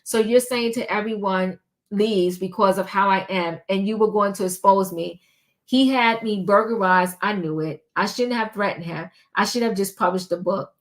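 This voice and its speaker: An older woman giving casual commentary and reading a long text aloud, halting with frequent ums and restarts. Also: mid-range voice. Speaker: commentary vlogger.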